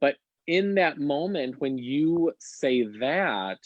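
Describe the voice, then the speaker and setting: A man's voice: fairly high pitch, animated, slow pace, dry recording. Male co-host, earnest and rambling, dry muffled sound. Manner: earnest, rambling with restarts, addresses listeners. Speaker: podcast co-host. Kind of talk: casual podcast conversation.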